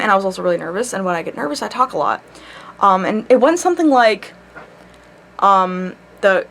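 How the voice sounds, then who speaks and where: A woman telling a personal story straight to her camera in a casual vlog, animated and full of swearing. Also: fairly high pitch. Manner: animated, swears a lot, laughs mid-story. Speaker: vlogger. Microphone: camera mic.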